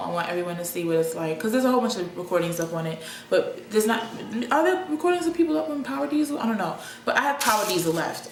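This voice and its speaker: A young adult woman talking in a casual, rambling vlog monologue, with many restarts. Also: medium pitch. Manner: rambling, chatty, with frequent restarts and laughs. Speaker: vlogger. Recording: echoey room with faint ambient noise.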